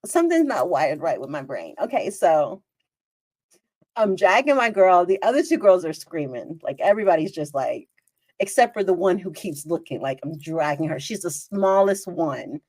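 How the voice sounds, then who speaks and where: A woman's voice: fairly low pitch, moderate pace, dry recording. A woman hosting her own podcast, telling a story in a casual, chatty way with lots of exclamations. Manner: animated, chatty, exclaims and re-enacts scenes. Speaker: podcast host.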